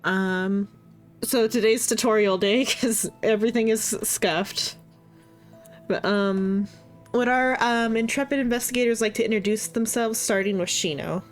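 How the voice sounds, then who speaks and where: A woman's voice: fairly high pitch, a little slow, soft background music. A woman hosting a live-streamed tabletop game as game master, easygoing and a little scattered.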